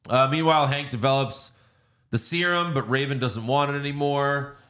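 A man hosts a casual movie review podcast, speaking at a medium pitch and normal speed with a fairly bright tone. He retells scenes and acts out lines, swearing plenty along the way.

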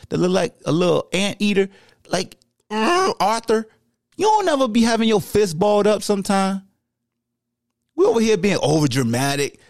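A man hosting a sports podcast launches into a heated, slangy rant. His voice sits a bit high and swings widely up and down as he gets worked up. The recording is close and dry, with no room echo. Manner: animated, slangy, heated ranting. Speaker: podcast host.

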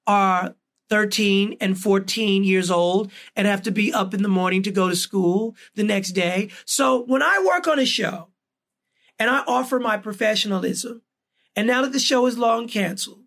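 A man's voice: high-pitched, a bit bright. A man hosting a podcast who talks earnestly and builds his points with emphasis. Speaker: podcast host. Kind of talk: casual podcast conversation.

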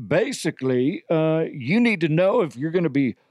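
A man's voice: on the high side, very animated, normal speed, a little mellow, dry recording, studio quality, pitched above the performer's own voice. A goofy cowboy guy, as a man puts him on. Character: goofy male cowboy character.

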